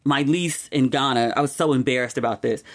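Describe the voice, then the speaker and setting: A woman hosts her own podcast in a casual, chatty monologue, her voice rumbling low and fairly quick. She speaks candidly, sprinkles in lots of "like" asides, and gets emotional and animated over personal news.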